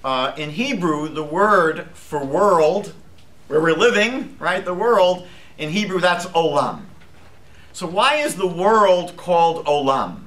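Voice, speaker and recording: A man teaching a live class as a rabbi, lively and chatty, posing questions to the group. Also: a little high, takes it slowly. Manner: lively, asks the class questions, jokes lightly.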